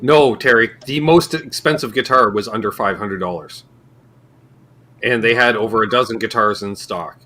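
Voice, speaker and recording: Canadian male co-host, bright lively delivery, faint hiss behind. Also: lowish voice, normal speed. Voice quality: joking, rambling. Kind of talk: casual chat.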